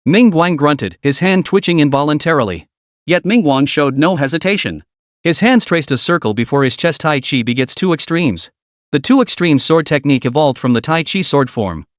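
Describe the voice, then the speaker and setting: A man giving scripted narration of a fantasy story recap in an even, measured way. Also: fairly high pitch, no echo, clean studio sound.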